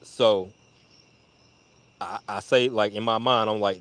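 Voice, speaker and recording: A man casually telling a long personal story, full of swearing, who jumps to a much higher voice when quoting people. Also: slow. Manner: profane, animated retelling with high-pitched voices for quoted people. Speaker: storyteller on a live audio chat.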